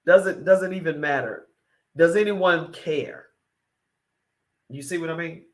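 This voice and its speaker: A woman's voice: deep voice, slow pace. A woman hosting a morning talk show, giving an opinionated monologue that is emphatic and repetitive, full of rhetorical questions.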